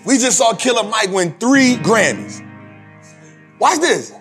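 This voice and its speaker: A man hosting a show, giving a repetitive, preachy motivational talk on investing, speaking with a husky voice. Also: extremely high pitch, slow, long pauses, soft background music. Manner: animated, preachy, repetitive, addresses co-host by name. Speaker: podcast host.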